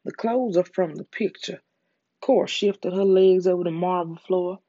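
An ASMR storyteller with a Southern US accent reads a story in a calm, soothing way. The tone is mellow and close-miked, and the sound is dry. The recording is dull and lo-fi. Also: mid-range voice, no room sound. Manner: calm, slow, soothing reading. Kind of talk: soft ASMR story reading.

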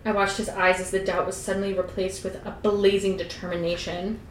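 A woman's voice: medium pitch, little pitch movement, a little fast, roomy sound, a little hiss or hum, low-quality recording. A young adult woman co-hosting a podcast, who reads a novel aloud and breaks off for giggly, irreverent comments. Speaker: podcast co-host.

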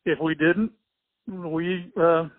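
An older man being interviewed, telling a family memory in a halting, rambling way with many restarts and small chuckles. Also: on the high side, level tone, no echo. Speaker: interviewee, former swimmer and coach. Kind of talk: casual spoken recollection. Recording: tinny phone-like dry sound.

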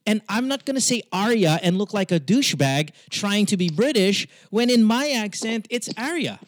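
High-voiced Americanized-accent man, podcast host. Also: moderate pace. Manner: profane, animated and argumentative with frequent stammered restarts. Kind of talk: casual podcast chat.

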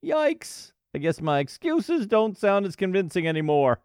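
A man's voice: high voice, normal speed, clear, resonant tone, dry recording, studio quality. A man hosting a podcast solo, talking in a playful, joking, motivational way. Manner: playful, jokey, animated. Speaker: podcast host. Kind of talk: casual solo podcast monologue.

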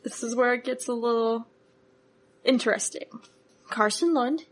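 A woman playing her character in a tabletop role-playing game, talking in a casual, laid-back, drawn-out way. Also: a little high. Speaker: player.

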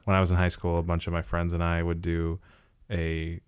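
A man's voice: deep voice, completely flat delivery, brisk, clean tone, no room sound. A young man co-hosting a casual podcast, telling stories with dry, joking quips. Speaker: podcast co-host. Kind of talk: casual chat.

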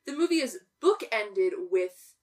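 A woman's voice: mid-range voice, very animated, a little slow, a little mellow, far from the mic. A woman, co-hosting a casual movie podcast, sarcastic and swearing freely. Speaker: podcast co-host. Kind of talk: casual movie recap chat.

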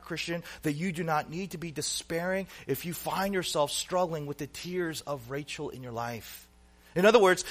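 A man delivers an earnest sermon in a slightly high voice. He leans on rhetorical questions and swings from forceful, loud emphasis to hushed, low asides. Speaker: pastor.

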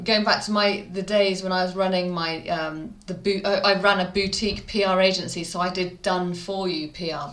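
Midlands woman, PR guest, lively chatty storyteller, roomy sound. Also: medium pitch. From English Midlands. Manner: chatty, animated storyteller, laughs often. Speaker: PR expert guest. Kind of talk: casual interview talk.

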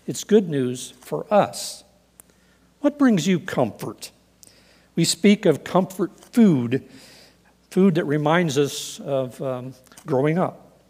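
Earnest preacher in a reverberant hall. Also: male voice, on the high side, animated, a little mellow. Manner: measured, earnest preaching with scripture readings. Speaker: pastor. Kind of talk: sermon.

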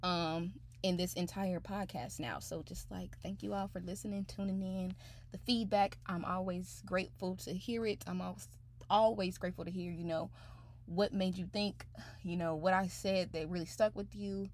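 A woman's voice: fairly low pitch, fairly even intonation, moderate pace. A woman hosting her own podcast, talking in a chatty, upbeat way full of "you know" and "like". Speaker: podcast host. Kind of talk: casual podcast monologue.

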